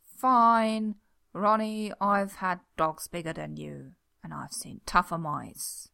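A woman's voice: mid-range voice, very animated, unhurried, vocal fry, pushed and bright, exaggerated voice. A woman voicing a grumpy, blunt man.

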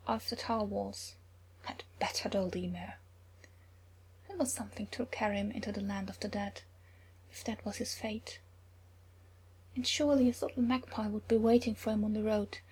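A woman reading a story aloud in a soft, often whispered narration. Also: mid-range voice. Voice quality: very breathy.

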